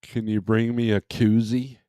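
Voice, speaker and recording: A man's voice: on the low side, little pitch movement, unhurried, warm tone, clean tone, no echo, studio quality. A man hosting a casual livestream from home, rambling in an easygoing way and chuckling often, speaking into a microphone. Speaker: livestream host. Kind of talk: casual live chat. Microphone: desk microphone.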